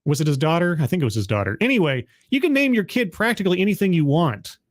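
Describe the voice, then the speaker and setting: A man's voice: fairly high pitch, big pitch swings, quick pace, no room sound, clean studio sound. A man hosting a stream, reading a news article aloud and commenting on it in a sardonic, rambling way, stumbling over names and restarting words. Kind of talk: casual commentary on a livestream.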